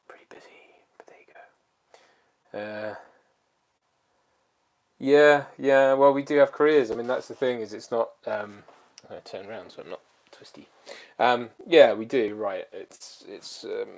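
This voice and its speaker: A man chats casually on a livestream, his voice sitting a little low. He rambles loosely with plenty of fillers. He sounds a bit lethargic as he catches his viewers up. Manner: relaxed, rambling, many fillers. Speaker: channel co-host.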